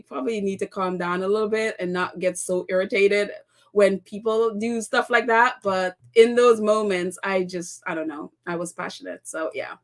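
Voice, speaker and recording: A woman's voice: medium pitch, a bit bright. A woman hosting a casual live-stream chat, reading viewer comments and rambling through stories with many restarts and laughs. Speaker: host of a live chat show.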